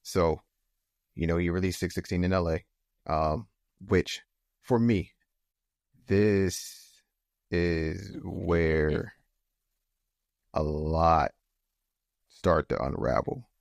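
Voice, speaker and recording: A man's voice: sits low, extremely slow, creaky, pauses often, no echo, clean studio sound. A man co-hosting a podcast in casual chat, heated and emphatic, talking in loose, repeated phrases with many fillers. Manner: heated, rising to emphatic outbursts. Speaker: podcast co-host.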